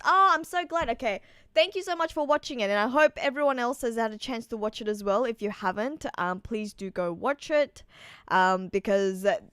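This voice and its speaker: A woman's voice: high-pitched, a bit bright, clear, resonant tone, no echo, clean studio sound. A woman chatting casually on a live stream, reading out and answering viewer messages. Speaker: streamer reacting to a manga chapter.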